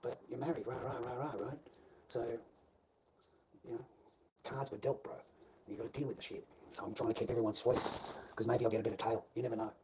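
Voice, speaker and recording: An Australian-accented man rants at a fairly quick pace, medium in pitch and fairly even in intonation. He rambles, swears nonstop, repeats himself, and laughs mid-sentence, all over a noisy background hiss.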